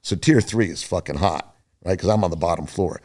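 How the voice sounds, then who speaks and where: Deep-voiced older man telling a profane story. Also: a little fast, darkish tone. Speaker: podcast guest. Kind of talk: casual storytelling.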